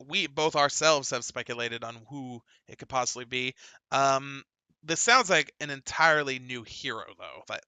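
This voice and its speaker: A male podcast host with a very bright, crisp and clear voice, recorded dry and close to the mic. He chats casually and laughs a lot, with fillers scattered between the news he reads. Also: mid-range voice, no room sound. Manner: chatty, laughs often, many fillers. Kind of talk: casual gaming podcast chat and news reading.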